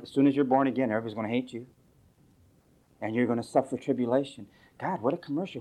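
A male pastor preaches at a quick pace, telling stories in a sarcastic, mocking manner and swinging between loud outbursts and low asides.

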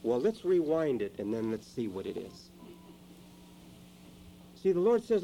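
A man preaching a sermon in a church, dramatic, moving between quiet asides and loud emphatic lines. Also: mid-range voice, big pitch swings, unhurried, pauses often, slight background noise, rough recording.

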